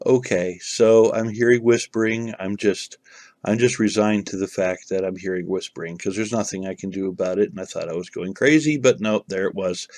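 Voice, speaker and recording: A man's voice: lowish voice, no echo. A man telling a personal story to the camera in a casual, rambling way, full of fillers and restarts.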